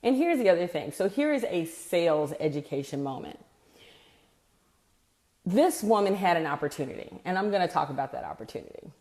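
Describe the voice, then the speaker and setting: A woman's voice: fairly low pitch, big pitch swings, brisk, a little mellow. Blunt, emphatic woman in her forties. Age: 40s. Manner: blunt, emphatic, acts out quotes. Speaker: sales speaker. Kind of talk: ranting monologue.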